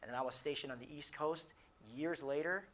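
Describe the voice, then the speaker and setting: A man's voice: a little high, brisk, a bit bright. A male military chaplain telling a personal story at a family training session, conversational, acting out quoted dialogue with many restarts. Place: lodge conference room.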